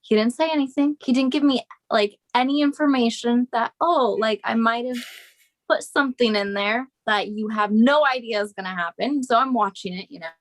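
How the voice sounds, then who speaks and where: A woman's voice: fairly high pitch, normal speed. Chatty woman telling a story on a call. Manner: chatty storyteller, many "like"s, acts out her reactions. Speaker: co-director and host. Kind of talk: casual group video chat.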